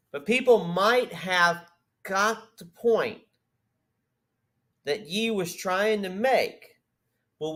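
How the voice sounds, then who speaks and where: A man's voice: a little high, a bit bright. A man hosting a political podcast, reading news aloud with sarcastic asides. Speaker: podcast host. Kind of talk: political commentary.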